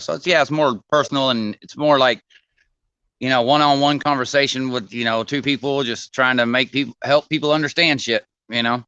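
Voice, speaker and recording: Laid-back bright-voiced man with a drawl. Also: medium pitch, clean tone, no room sound, muffled recording. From California. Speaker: co-host. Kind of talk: casual chat. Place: video call.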